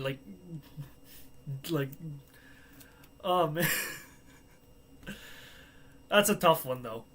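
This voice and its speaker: A man's voice: on the high side, expressive, very slow, long pauses, a bit bright. A young man hosting a live watchalong stream, chatting casually, joking and laughing at his own asides.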